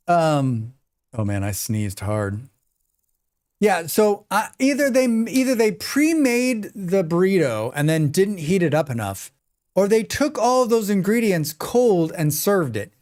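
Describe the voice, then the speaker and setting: A man's voice: fairly high pitch, big pitch swings, measured pace, a little mellow. A man streaming a game and chatting casually, reading and answering viewers' messages as he plays. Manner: chatty, reads and answers viewer chat while playing. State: sneezing repeatedly. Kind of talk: casual live-stream chat.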